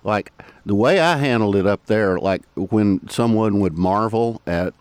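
Southern man hosting, low and dry. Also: unhurried, no room sound. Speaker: podcast host. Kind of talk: podcast narration and interviewing.

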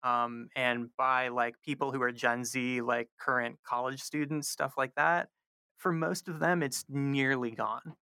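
Guy from north carolina explaining a study, lots of ums, bright voice, dry sound. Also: medium pitch, steady tone, unhurried, clean tone, no echo. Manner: frequent ums, careful explaining. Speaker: linguistics professor guest. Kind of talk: explanatory interview answers.

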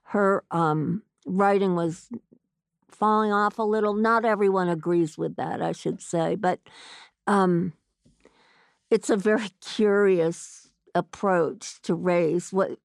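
Female author guest, low-pitched and creaky, thoughtful and halting. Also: no room sound, clean studio sound. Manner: thoughtful, hesitant, many fillers. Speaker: author being interviewed. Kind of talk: conversational interview answers.

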